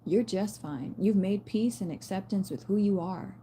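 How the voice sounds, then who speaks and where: A woman talks straight to her viewers in a loose spiritual message, blunt and fired up, dropping slang and swear words. Her voice is mellow and warm rather than bright. There is a faint hiss of noise behind her. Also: medium pitch, normal speed. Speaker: spiritual reader.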